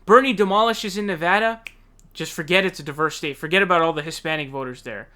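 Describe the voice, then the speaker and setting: Heated, bright-voiced male political ranter. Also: fairly high pitch, fast talker. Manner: profane, heated, slangy. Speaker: political commentary host. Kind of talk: casual political rant.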